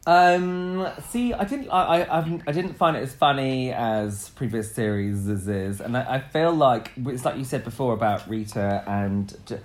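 A man's voice: mid-range voice, unhurried, hardly any pauses. A man co-hosting a casual recap podcast, camp and giggly, rambling with many restarts. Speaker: podcast co-host. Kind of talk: casual chat, reality show recap.

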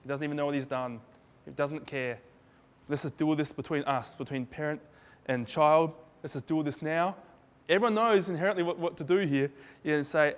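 A man preaching with a slightly high voice, chatty and informal, slipping into quick acted-out voices for the people in his examples. His words ring out with a long reverb, as in a big church hall. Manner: conversational, acts out dialogue with shifting voices. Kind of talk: sermon.

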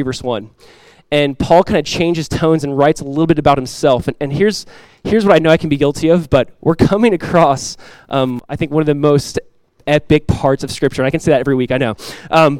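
A man's voice: a little high, clean tone, no echo, rough recording. Earnest man preaching a sermon. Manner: earnest, animated storytelling. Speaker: pastor.

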